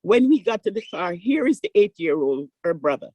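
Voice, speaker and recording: Older woman, surgeon, conference panel talk, animated storyteller, dry close sound. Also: medium pitch, a little fast, few pauses, no room sound, poor audio. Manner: animated storytelling, acting out voices in quotes.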